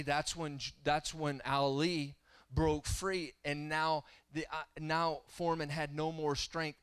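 Preaching as a guest in a church sanctuary, a man in his thirties shifts from stories to passionate exhortation. His voice is fairly high, a bit bright, and clean-toned, and the recording is dry.

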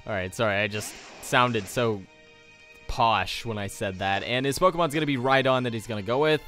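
A man's voice: medium pitch, quick pace, a bit bright, faint music behind. A young adult man giving casual gameplay commentary, rambling with jokey asides. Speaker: let's play host.

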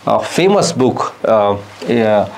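A man, explaining a university course syllabus as a lecturer, halting often with fillers and restarts. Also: fairly low pitch, very animated, gravelly, a little mellow, slight background noise. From India.

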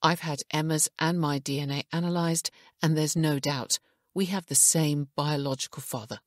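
A woman's voice: low voice, fairly even intonation, moderate pace, no room sound, clean studio sound, lightly acted. A woman voicing a determined, angry man who speaks stiffly and insists on answers. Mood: insistent. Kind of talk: audiobook character voice.

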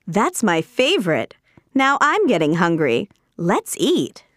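A woman's voice: medium pitch, wildly swooping pitch, slow, a bit bright, no room sound, studio quality, heavily acted. A woman playing a mother in a scripted dialogue for an English course, asking questions in a surprised way.

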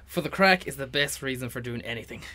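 A man's voice: medium pitch, fast talker, pushed and bright, slight background noise. A young Irish man co-hosting a community radio show, laughing a lot and talking in hesitant, apologetic bits. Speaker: radio co-host. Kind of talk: casual radio banter.

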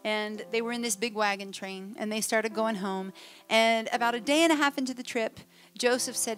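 A woman speaker at a conference, spinning a funny story with plenty of swings in her voice. Her pitch sits in a middle range. A faint bit of music lingers in the background. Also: moderate pace. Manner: animated, humorous, acts out voices. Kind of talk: storytelling talk to an audience. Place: hall with a live audience.

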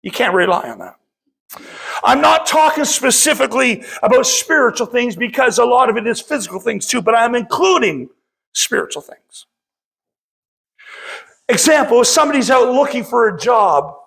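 A man's voice: extremely high pitch, creaky, a bit bright. A middle-aged man preaching a sermon as pastor, impassioned and often calling out to the congregation.

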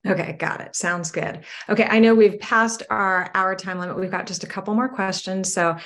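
A woman's voice: medium pitch, fairly even intonation, normal speed, a bit bright. A woman hosting a webinar and reading out audience questions, friendly and sometimes hesitant. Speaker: webinar host and moderator.

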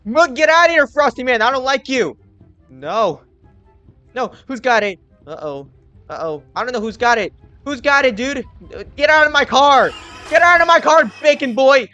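A man hosting a gaming channel, giving excited gameplay commentary while taunting the other players and often yelling. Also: very high-pitched, normal speed, no room sound, dull audio, faint music behind.

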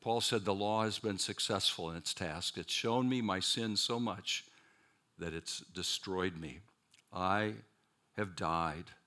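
Delivering a seminary chapel sermon in a lowish voice, this man is dramatic and animated. He poses rhetorical questions and tosses wry remarks to his audience.

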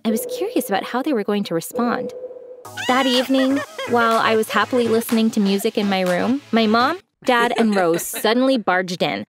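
A young woman narrating a first-person story in a scripted, expressive way. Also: fairly high pitch, a little fast, music in the background.

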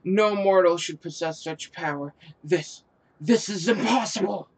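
Guy reading a bossy wind spirit lady from a game, all grand and slow, kinda high voice. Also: husky, heavily acted, poor audio. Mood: commanding. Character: imperious female wind spirit demanding worship. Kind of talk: reading game dialogue aloud.

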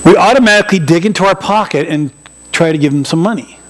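A man's voice: sits high, fast talker, background noise. A man preaching a sermon in a church, chatty and joking, with asides to the congregation. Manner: conversational and joking, with acted-out asides. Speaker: pastor. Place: church sanctuary. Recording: poor quality church recording.

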